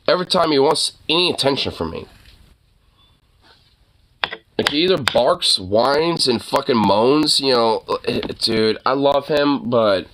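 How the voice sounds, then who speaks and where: A vlogger, a man with a medium-pitched and slightly bright voice, rants casually late at night. He swears often and rambles with plenty of fillers, scolding his dog in exasperation.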